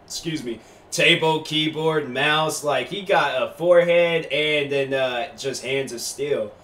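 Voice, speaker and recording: A man's voice: a little high, unhurried, fairly bright tone, roomy sound, distant mic. A man casually reacting to a clip, rambling in a laid-back way. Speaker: reaction video host.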